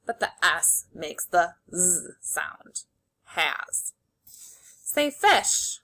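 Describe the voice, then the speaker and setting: A woman teacher leading a phonics lesson for young children, slowly sounding out words and giving simple, encouraging instructions. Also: fairly high pitch, sharp tone. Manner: slow, clearly segmented sounding-out of words.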